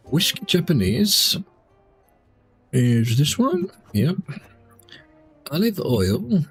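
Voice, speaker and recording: A gaming streamer with a fairly high, slightly rough voice chats casually about the game he's playing, muttering to himself and talking with his mouth full as he eats. He draws out his words and leaves long pauses, with faint music in the background.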